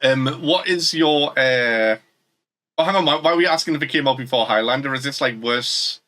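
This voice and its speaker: A man's voice: mid-range voice, sharp tone. A man with a northern English accent, co-hosting a podcast in a jokey casual chat and asking the others questions. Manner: asks the questions, jokey and quick to laugh. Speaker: podcast co-host.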